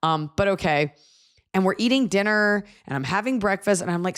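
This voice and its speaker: A woman hosting a comedy podcast, telling stories in animated casual chat and slipping into voices. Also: mid-range voice, fairly quick, clean tone. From lives in Los Angeles. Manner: animated storyteller, jumps into voices mid-story. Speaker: podcast host.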